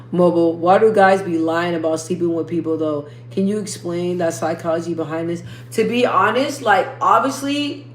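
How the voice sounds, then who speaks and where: A young woman hosting a casual livestream, reading viewer comments and rambling in slangy asides. She lifts her speaking voice above her natural lower register. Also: a bit bright, echoey room, a little hiss or hum. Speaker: livestream host.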